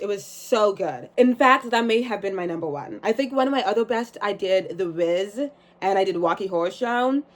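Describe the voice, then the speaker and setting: Young woman, 20s, casual vlogger, chatty and self-mocking, reads from her diary. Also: mid-range voice. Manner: chatty, swearing, laughing at herself. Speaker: vlogger reading her journal. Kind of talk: casual chat and journal reading.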